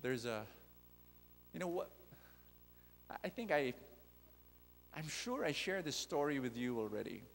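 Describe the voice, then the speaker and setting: A man preaching a sermon, animated and repetitive, putting direct questions to the audience. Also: on the high side, unhurried, gravelly, pauses often, a little hiss or hum. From Philippines. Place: large convention hall. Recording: long reverb of a large hall.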